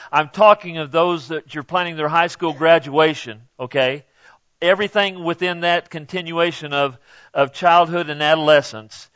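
A man's voice: on the high side, fairly bright tone, no room sound, muffled recording. A middle-aged male pastor preaching a sermon in a conversational way, often checking in with "okay?".

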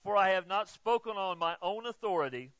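A pastor preaching a sermon, swinging from loud emphatic lines to soft, low ones. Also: male voice, expressive, brisk, dry recording. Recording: dull, muffled, dry sound.

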